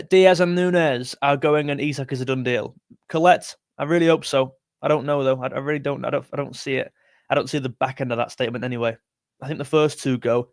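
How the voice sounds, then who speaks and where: A man's voice: a little high, dry recording, studio quality. Chatty man hosting a live stream. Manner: chatty, rambling, self-correcting. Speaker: football livestream host. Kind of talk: live stream chat reading comments.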